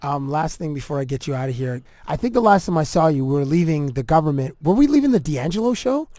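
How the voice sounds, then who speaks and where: A man's voice: a little high, big pitch swings, warm tone, no echo, clean studio sound. A man hosting a podcast in casual chat, rambling and laughing easily with his guests. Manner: laid-back, rambling, quick laughs. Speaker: podcast host.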